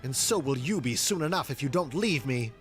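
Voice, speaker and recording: A man's voice: mid-range voice, expressive, a little fast, soft background music, lightly acted. An actor voicing a distraught young male Jedi apprentice in a video game, pleading and defensive. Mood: stubborn.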